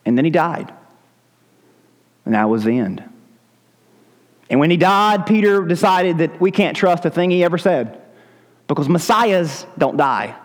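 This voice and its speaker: A man's voice: fairly high pitch, expressive, measured pace, long pauses, big-room sound. A male pastor preaching a sermon in a church, retelling scripture in a vivid, dramatic storytelling manner. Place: church sanctuary.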